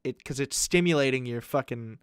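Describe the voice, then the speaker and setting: A man's voice: medium pitch, brisk, smooth, dry recording, clean studio sound. A young man co-hosting a podcast, telling crude stories in a rambling way, full of fillers. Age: young adult. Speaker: podcast co-host. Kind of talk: casual podcast storytelling.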